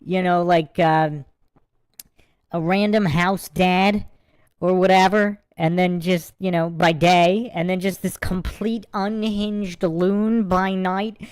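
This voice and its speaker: A woman's voice: on the low side, steady tone, takes it slowly, a little mellow, clean tone, no room sound. A woman hosting a live Q&A stream, commenting in a casual, amused and mocking way. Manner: amused, mocking, laughing asides. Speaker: livestream host.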